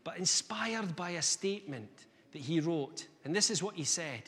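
A man's voice: a little high, moderate pace, few pauses. Man preaching in an echoing hall. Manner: energetic, conversational preaching with rhetorical questions. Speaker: guest preacher. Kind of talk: sermon. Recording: long reverb of a hall.

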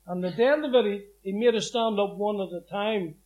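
A man's voice: high-pitched, brisk, lo-fi sound. A middle-aged man giving a plain-spoken personal testimony, acting out the voices in his story. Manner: plain-spoken, vivid, acts out quotes. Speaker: former prisoner giving testimony.

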